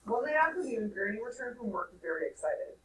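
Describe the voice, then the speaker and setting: A woman teacher reading a novel aloud to her class in a measured, expressive way. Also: fairly high pitch, echoey room, recorded from a distance, noisy background.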